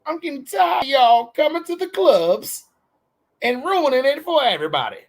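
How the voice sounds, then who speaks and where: Figure: man doing a high-pitched ranting comedian. Pitch: very high. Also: very animated, moderate pace. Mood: scolding. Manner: high, strained, scolding delivery. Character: exasperated male comedian ranting at club troublemakers.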